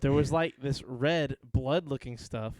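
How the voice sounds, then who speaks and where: A man's voice: medium pitch, unhurried, darkish tone, no room sound. A man co-hosting a podcast, telling stories in a crude, profane, rambling way. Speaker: podcast co-host. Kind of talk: casual podcast chat.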